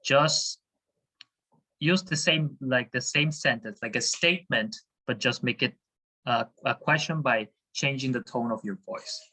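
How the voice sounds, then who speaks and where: A teacher giving a Spanish lesson to students, patient and encouraging, explaining slowly with frequent fillers. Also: male voice, medium pitch, pushed and bright, low-quality recording. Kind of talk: online class teaching.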